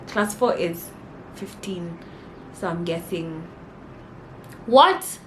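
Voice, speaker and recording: A young woman with a Kenyan accent tells stories in a casual, animated way. She is indignant and mixes in Swahili slang. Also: lowish voice, normal speed, a little hiss or hum, rough recording. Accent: Kenyan English. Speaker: vlogger. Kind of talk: casual storytelling.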